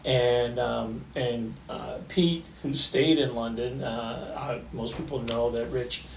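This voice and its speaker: A middle-aged man, an orthopaedic surgeon, tells stories in a relaxed way, with many fillers and restarts. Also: mid-range voice, slow, roomy sound, far from the mic, a little hiss or hum, poor audio. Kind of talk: conversational storytelling interview.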